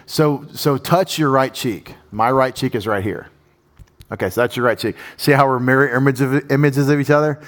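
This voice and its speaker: Animated male pastor, conversational sermon with audience questions, mid-range voice. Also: medium pitch, normal speed.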